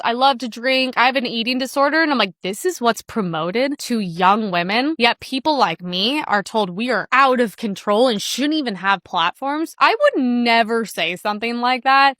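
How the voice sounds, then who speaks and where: A woman's voice: on the high side, a bit bright, no echo, studio quality. A woman giving indignant commentary. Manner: indignant, fast. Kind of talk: casual commentary.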